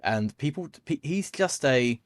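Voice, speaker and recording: A man's voice: medium pitch, expressive, a little slow, no room sound. A man talking casually and at length about a film on a podcast, rambling with many fillers and restarts. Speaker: podcast co-host.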